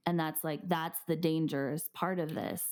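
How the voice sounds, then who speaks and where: A woman's voice: low voice, moderate pace. A young woman hosting a podcast, chatting casually and acting out quotes as she tells stories. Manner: animated storytelling, acting out quotes. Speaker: podcast host. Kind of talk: casual chat.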